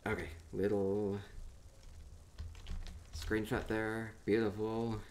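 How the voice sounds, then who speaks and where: Male streamer with a lowish voice, casual and playful, thinking out loud as he wanders through player-built rooms. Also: little pitch movement, slow pace, a little hiss or hum. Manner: playful, rambling, thinking aloud. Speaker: streamer touring player homes in a game. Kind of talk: casual live-stream commentary.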